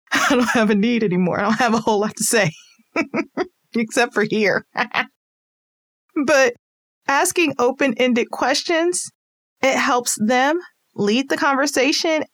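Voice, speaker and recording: A talkative mother shares parenting advice in a relaxed, chatty way, breaking into easy laughs. Her voice sits a little on the high side. The recording is close and dry, with no room sound. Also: no echo. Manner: chatty, laughs easily, acts out little scenes. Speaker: parent giving parenting tips. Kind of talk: casual advice talk.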